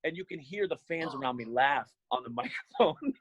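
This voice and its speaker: A man who works as an arena emcee, telling an embarrassing story in a relaxed, self-mocking way on a panel. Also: mid-range voice, fairly quick, husky, rough recording. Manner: laid-back, amused, self-mocking storyteller.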